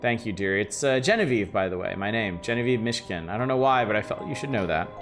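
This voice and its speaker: A man's voice: fairly low pitch, animated, quick pace, over music. A man doing a prim old-fashioned librarian lady. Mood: polite. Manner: genteel, calls everyone dearie. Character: prim middle-aged woman librarian, fussy, evasive. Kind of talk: reading game dialogue aloud.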